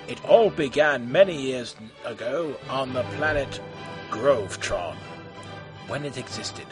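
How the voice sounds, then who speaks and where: A man narrating a comic story in a deadpan, matter-of-fact way. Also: medium pitch.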